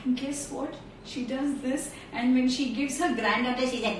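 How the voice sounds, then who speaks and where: A woman telling a story to children in an animated, direct way, streamed live from a phone. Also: fairly high pitch, normal speed. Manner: animated, talks straight to children. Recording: echoey room, far from mic, faint noise.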